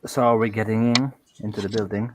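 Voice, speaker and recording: A man's voice: on the low side, steady tone, brisk, noisy background. A man playing a tabletop game, speaking hesitantly with many fillers. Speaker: player. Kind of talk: casual game chat.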